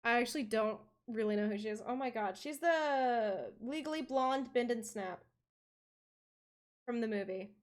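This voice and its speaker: A woman streamer chatting casually on a live stream, playful and quick to swear. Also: fairly high pitch.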